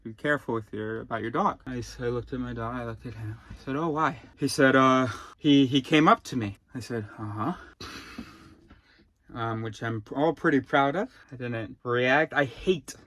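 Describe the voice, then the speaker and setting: A man's voice: mid-range voice, normal speed, a bit bright. A man thinking aloud in a rambling personal vlog, often restarting his sentences and wandering into asides. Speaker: vlogger.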